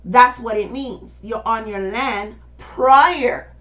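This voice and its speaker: A woman's voice: a little high, slow pace, a bit bright. An older woman speaking in a casual, rambling monologue, talking straight to her listeners in an insistent way. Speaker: speaker addressing followers.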